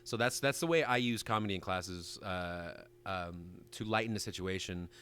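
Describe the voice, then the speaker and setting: A young man co-hosting a casual podcast chat about teaching dance, animated and swearing freely. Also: deep voice, moderate pace, a little hiss or hum. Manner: animated, swearing, breaks into voices.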